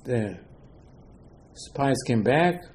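A man's voice: mid-range voice, expressive, extremely slow, darkish tone, a little hiss or hum, poor audio. A man teaching a Torah lesson as a rabbi. He speaks emphatically in slightly broken English and keeps firing rhetorical questions.

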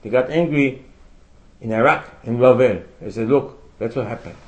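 A man's voice: medium pitch, normal speed, darkish tone, dull audio. Emphatic man giving a Torah class. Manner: emphatic, rhetorical questions, quotes Hebrew sources. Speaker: rabbi teaching a Torah class. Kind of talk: religious lecture.

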